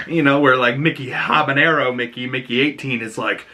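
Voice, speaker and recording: Bright-voiced young man rambling about a movie. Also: medium pitch, normal speed, few pauses, a little hiss or hum. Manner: rambling, chatty, laughs at himself. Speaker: movie reviewer. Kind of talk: casual movie review.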